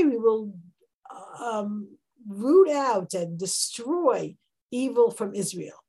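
Woman, husky voice, text-study teacher; emphatic, climbs high on questions. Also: takes it slowly, rough recording. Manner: animated, emphatic, rising on rhetorical questions. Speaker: Torah teacher.

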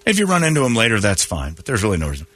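A man with a husky but bright voice hosts morning radio and talks bluntly. His pitch swings widely as he jokes and reads listener mail aloud. He sounds low-pitched and animated. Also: very fast. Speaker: radio show host. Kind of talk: casual morning radio banter.

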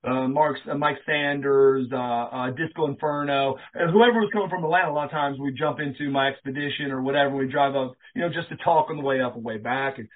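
Animated male storyteller on a tinny line. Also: mid-range voice, fairly quick, hardly any pauses. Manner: animated storyteller, acts out quoted dialogue, swears casually. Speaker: interview guest, former pro wrestler. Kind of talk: casual storytelling interview.

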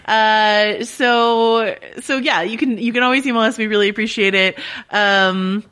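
A woman co-hosting a podcast in casual chat, animated and chatty, laughing easily and restarting her sentences often. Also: on the high side, a little slow, clear, resonant tone. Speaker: podcast co-host.

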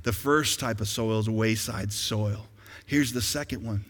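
A man's voice: fairly low pitch, a little slow, fairly bright tone. A man preaching a sermon as pastor, putting questions to his congregation and building to emphatic peaks. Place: church sanctuary. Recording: long reverb of a large hall.

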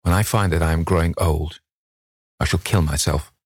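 A man's voice: rumbling low, steady tone, normal speed, breathy edge, no room sound, clean studio sound, heavily acted. A man reading an audiobook and voicing a beautiful, vain young man who speaks emotionally and pleadingly. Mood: bitter.

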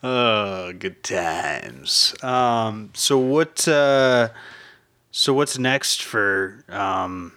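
A man hosting a podcast in casual chat, easygoing and quick to laugh, with plenty of likes and you-knows. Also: lowish voice, lively intonation, bright, forceful tone, smooth, no echo. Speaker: podcast host.

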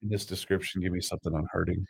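Gravelly low-voiced male co-host. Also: fairly even intonation, racing, no echo. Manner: gruff, flustered while typing. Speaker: podcast co-host typing show notes. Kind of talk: casual studio banter.

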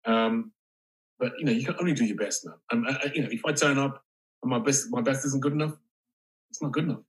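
A male actor speaking as an interview guest, halting and reflective, with casual swearing. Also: mid-range voice, low-quality recording. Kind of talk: candid interview conversation.

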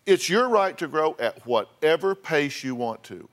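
A man's voice: on the high side, big pitch swings, a little slow. A man hosting a talk show, bluntly lecturing his guests and repeating points for emphasis. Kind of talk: confrontational counseling.

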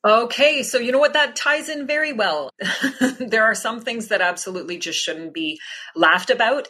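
Casting note: Canadian woman comedian, interview guest, husky tone with a bright edge, animated delivery. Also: on the low side. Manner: animated, laughs between thoughts. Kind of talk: casual interview chat.

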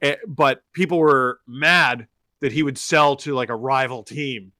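A man chats on a podcast with a bright, forward voice. His recording is very dry and close. He tells stories with animated, quick energy. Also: medium pitch, no echo. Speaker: podcast host. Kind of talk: casual podcast chat. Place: remote from abroad, on a delay.

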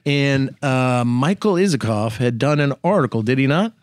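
A man's voice: mid-range voice, animated, moderate pace, no room sound, clean studio sound. Male senator chiming into a story. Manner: chimes in, finishes the other speaker's sentences. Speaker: senator and former co-counsel, guest. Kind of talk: conversational storytelling.

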